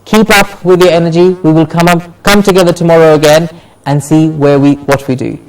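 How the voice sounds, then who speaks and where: A man teaching English pronunciation in a class lesson, slowly repeating example words one at a time. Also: fairly high pitch, steady tone, smooth, far from the mic, poor audio. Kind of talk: classroom lesson on word stress.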